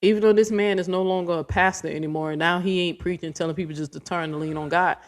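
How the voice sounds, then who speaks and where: A woman's voice: fairly low pitch, steady tone, fast talker. A woman ranting in a casual vlog, blunt and profane, rambling from point to point. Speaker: vlogger.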